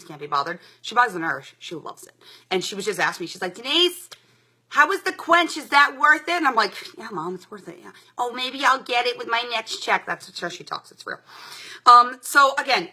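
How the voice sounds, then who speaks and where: A woman's voice: fairly high pitch, pushed and bright. A young adult woman giving a live product demo as a sales presenter, chatty and upbeat, with lots of "like" and "um". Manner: chatty and upbeat, many fillers like "like" and "um".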